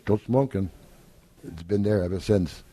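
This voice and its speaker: A man's voice: on the low side, a little slow, slightly rough. An older man, a podcast guest, telling stories casually and acting out what others said, with frequent laughter. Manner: animated storyteller who acts out quoted lines and laughs often. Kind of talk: casual storytelling in an interview.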